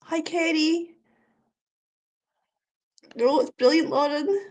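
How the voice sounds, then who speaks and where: High-voiced, chatty Scottish woman. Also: unhurried, long pauses. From Scotland. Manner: chatty, giggly, fumbling with the software. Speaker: medium hosting a live stream. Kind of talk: casual live-stream chat.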